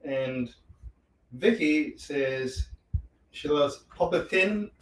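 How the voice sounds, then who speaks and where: A man's voice: a little high, animated, very slow, recorded from a distance. A man co-hosting a craft livestream, reading viewer comments aloud in a casual, offhand way. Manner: reads out viewer comments, offhand with small laughs. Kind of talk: casual live chat. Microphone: away from the mic. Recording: echoey, off-mic with faint clicks.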